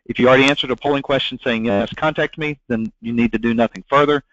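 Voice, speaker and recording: A man's voice: medium pitch, steady tone, fast, fairly bright tone, dry recording. A man moderating a live webinar question session, courteously reading audience questions to the presenter. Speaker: webinar host. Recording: dull, dry, lo-fi webinar audio.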